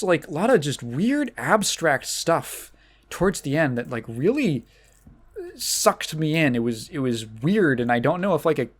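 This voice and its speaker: A man hosting a casual solo podcast, rambling along with many fillers and restarts. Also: medium pitch. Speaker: podcast host.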